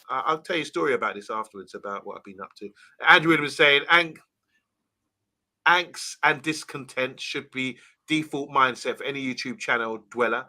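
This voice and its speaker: Casting: male co-host, very bright sound, chatty and friendly with viewers, casual football banter. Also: medium pitch. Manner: chatty, greets viewers by name. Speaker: livestream co-host reading comments.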